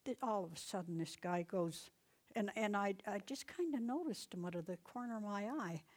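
A woman's voice: mid-range voice, animated, moderate pace. Chatty woman teaching Bible, laughing often. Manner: chatty, laughs often, punches up commands with sudden loudness. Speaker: Bible teacher and deliverance minister. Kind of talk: casual Bible teaching with personal stories.

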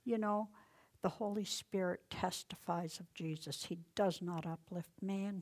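A woman's voice: on the low side, steady tone, a little slow. A woman leading an informal Bible study, reading verses aloud with strong emphasis and commenting in a casual, folksy way, often dropping to a near whisper. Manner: reads verses aloud with loud emphasis, then drops to soft, near-whispered asides; conversational and folksy, with rhetorical questions.

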